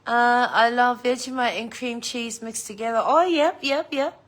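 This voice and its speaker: A woman's voice: fairly high pitch, moderate pace. A middle-aged woman, chatting casually on a livestream, laughing often and swearing freely. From New Zealand. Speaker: livestream host.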